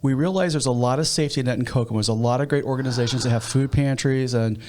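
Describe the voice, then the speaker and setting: A man with a Midwestern American accent talks through his story as a guest on a podcast. He is a pastor, and his voice sits at a middle pitch. He talks in an unhurried way and often restarts his sentences. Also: a little mellow, a little hiss or hum. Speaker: nonprofit leader and pastor. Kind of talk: interview conversation.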